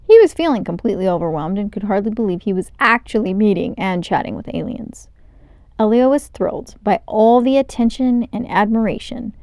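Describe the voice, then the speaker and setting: A woman reading a children's novel aloud in a clear, expressive storytelling manner, close to the mic. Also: mid-range voice, no room sound. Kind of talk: children's book read-aloud.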